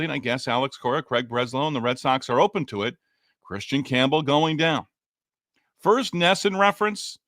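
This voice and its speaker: A man's voice: medium pitch, no echo. Guy doing a solo sports podcast, talks right at you, punchy and emphatic, dry close sound. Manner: energetic, emphatic, talks straight to listeners. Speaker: podcast host.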